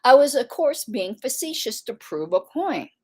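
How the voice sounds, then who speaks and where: A woman with a fairly high voice that climbs and drops all over as she tells the story. She is indignant and sarcastic, moving between mock disbelief and sharp emphasis in a casual commentary monologue. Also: very animated, normal speed, husky. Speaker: political commentator, party secretary.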